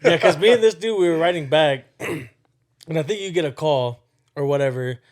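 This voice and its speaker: A young man co-hosting a podcast in casual chat, telling a story in an excitable way and laughing as he goes. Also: normal speed. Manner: excitable storyteller, voice climbs high when laughing. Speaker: podcast co-host.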